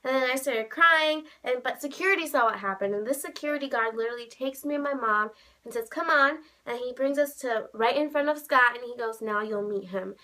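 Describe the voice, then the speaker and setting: A young woman vlogging, telling a story with gushing excitement, saying "like" constantly and squealing when she quotes herself. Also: sits high, brisk. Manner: gushing, heavy use of "like", bursts of squealing quotes.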